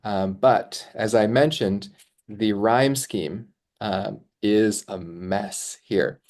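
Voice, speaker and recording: Male podcast co-host, lowish voice, measured and reflective literary talk. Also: darkish tone. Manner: thoughtful, explanatory, frequent ums. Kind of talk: literary discussion.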